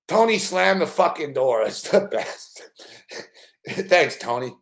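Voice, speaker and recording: A man's voice: high voice, lively intonation, measured pace. A man hosting a casual stream, reacting to a clip with frequent laughter and profanity. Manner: laughing often, profane, amused. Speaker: host.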